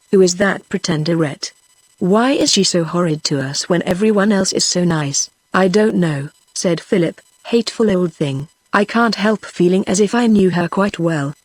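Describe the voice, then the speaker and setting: A synthetic woman's voice with a British English accent, reading a children's novel aloud as an audiobook narrator in an even, computer-generated way. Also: on the low side, dry recording. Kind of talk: text-to-speech book reading.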